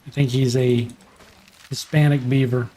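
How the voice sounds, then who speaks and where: A man's voice: medium pitch, flat delivery, unhurried, mellow. A man streaming a survival game, chatting casually and thinking aloud while he plays. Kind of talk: casual gameplay commentary.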